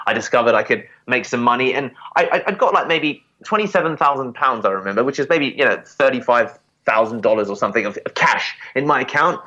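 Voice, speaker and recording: Animated man in his thirties, stumbling restarts. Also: mid-range voice, muffled recording. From England. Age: 30s. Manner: fast, animated, many repeats and restarts. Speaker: podcast guest. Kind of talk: casual interview storytelling.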